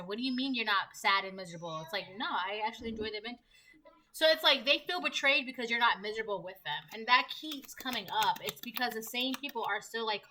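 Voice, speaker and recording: A woman giving a casual tarot reading, chatty and rambling, slipping into quick voiced asides. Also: on the high side, pushed and bright, slight background noise, rough recording. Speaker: tarot reader.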